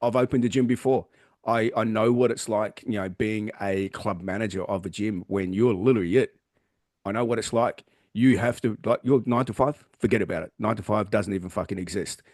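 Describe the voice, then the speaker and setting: A man's voice: on the low side, brisk, darkish tone, dry recording, studio quality. A man co-hosting a podcast and talking as a gym trainer in casual motivational chat, blunt, emphatic and full of swearing. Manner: blunt, heavily profane, emphatic.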